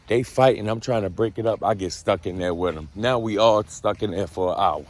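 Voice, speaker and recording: A young adult man from the United States telling prison stories in a casual, animated, slangy monologue, jumping up high to act out what people said. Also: a little fast. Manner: animated, slangy, acts out quotes in a higher voice. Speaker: storyteller.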